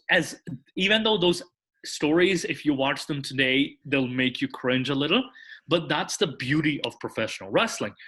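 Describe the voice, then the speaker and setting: A man's voice: on the high side, fairly bright tone. A man, a podcast guest, explaining at length in casual chat, restarting sentences and tacking "that is" onto his points. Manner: rambling, restarts, tags sentences with "that is".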